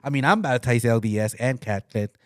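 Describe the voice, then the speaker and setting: A man co-hosting a casual podcast, talking at a middling pitch. He rambles, stumbles over repeated words and breaks into laughter as he goes. The sound is dry and close. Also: a little fast, no room sound. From came to Utah. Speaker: podcast co-host. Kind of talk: casual chat.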